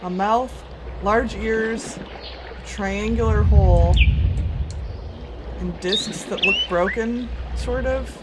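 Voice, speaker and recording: A woman's voice: medium pitch, slow pace, long pauses. A woman streaming a game from her home basement, thinking aloud and chatting casually with her viewers. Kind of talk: casual live-stream commentary. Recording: home stream mic with loud background noise.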